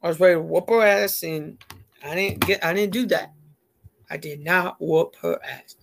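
A man's voice: fairly high pitch, normal speed, vocal fry, fairly bright tone, a little hiss or hum. A man telling a rambling story in a casual chat, heavy on fillers.

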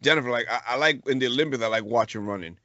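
A man's voice: mid-range voice, very fast, bright, forceful tone, no echo. A middle-aged man co-hosting a podcast, chatting casually and telling a story in slangy speech full of restarts. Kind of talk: casual chat. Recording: dull lo-fi podcast recording.

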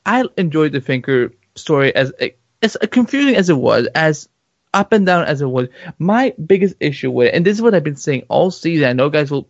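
A man co-hosting a casual podcast, talking in an animated, excitable way with many restarts. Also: fairly high pitch, no echo. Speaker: podcast co-host. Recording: dull muffled lo-fi sound.

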